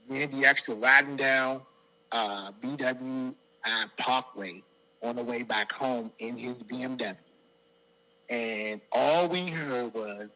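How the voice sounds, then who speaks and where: A man's voice: medium pitch, normal speed, rough recording. A middle-aged man from the Washington DC area, a guest singer telling stories in an interview and acting out other people's lines. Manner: animated storyteller who acts out other people's quotes. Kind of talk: storytelling interview.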